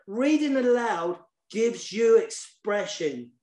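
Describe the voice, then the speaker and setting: A children's poet and author speaks slowly in a high-pitched voice from an echoey room. During a relaxed online session he's warm and enthusiastic, frequently repeating words as he gropes for what to say.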